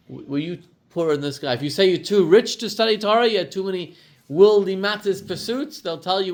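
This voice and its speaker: Rabbi guy telling bible stories, animated, voice a bit high, jumps up when he quotes people. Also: fast talker. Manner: animated storyteller, acts out quotes with rising pitch and volume. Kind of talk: storytelling sermon class.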